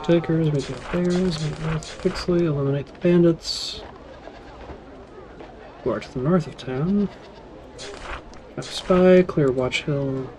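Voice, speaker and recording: A man's voice: a little high, slow pace, pauses often, dark tone, a little hiss or hum. A man playing a fantasy role-playing game, thinking aloud in casual, mumbled commentary. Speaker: let's play gamer.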